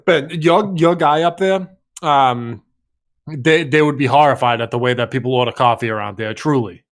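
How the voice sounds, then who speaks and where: A man's voice: mid-range voice, normal speed. Co-host dude, acts out little scenes while he talks, medium voice. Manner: animated storyteller, acts out exchanges. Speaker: podcast co-host. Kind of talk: casual podcast chat.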